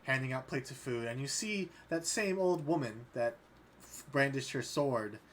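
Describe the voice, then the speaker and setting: A man's voice: medium pitch, expressive, moderate pace, a bit bright, slight background noise. A man narrating as dungeon master in a tabletop game, in a casual, loose way.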